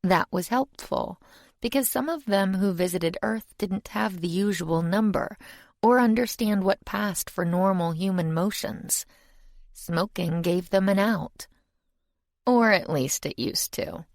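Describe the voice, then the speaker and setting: A woman's voice: medium pitch, a little slow, vocal fry, no echo, clean studio sound. A woman narrating a first-person fantasy audiobook in a wry, conversational way.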